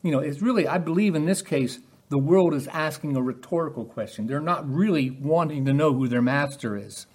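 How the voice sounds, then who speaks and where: A man's voice: on the high side, brisk, hardly any pauses, breathy edge. A man preaching a sermon in a conversational way, often putting rhetorical questions to his listeners.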